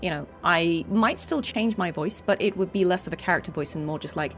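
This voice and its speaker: A woman's voice: lowish voice, a little fast, faint music behind. A young adult woman voice actor chatting casually while playing a game, explaining and demonstrating voices. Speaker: voice actor and gaming streamer. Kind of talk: casual gameplay commentary.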